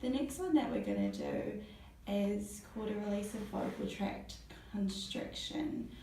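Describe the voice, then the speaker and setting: Encouraging female voice therapist, gravelly and mellow, recorded in an echoey room from a distance. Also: medium pitch, measured pace, slight background noise. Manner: encouraging, praises often. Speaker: voice therapist guiding a client. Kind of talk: step-by-step instruction.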